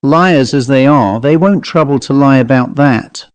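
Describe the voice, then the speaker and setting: A man's voice: medium pitch, unhurried, smooth, no room sound, natural voice. A man reading an audiobook, voicing a nervous, fawning male manservant who talks in a raised, cracked voice with ungrammatical, deferential speech. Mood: anxious deferential. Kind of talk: audiobook character voice.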